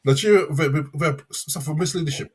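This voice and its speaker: A man in his fifties with a London accent, calling in to a live show and rambling along with halting restarts. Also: on the high side, husky. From England. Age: 50s. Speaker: caller. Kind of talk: casual chat.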